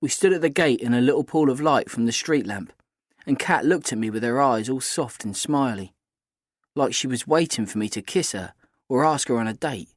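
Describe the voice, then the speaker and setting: Male narrator, mid pitch, dry close reading, steady storytelling. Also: moderate pace, no echo. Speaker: audiobook narrator. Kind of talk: scripted first-person narration.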